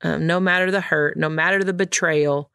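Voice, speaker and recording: A woman's voice: sits low, steady tone, moderate pace, creaky, bright, forceful tone, clear, resonant tone, dry recording, studio quality. A woman hosting a podcast interview, asking affirming questions. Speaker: podcast host. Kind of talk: interview conversation.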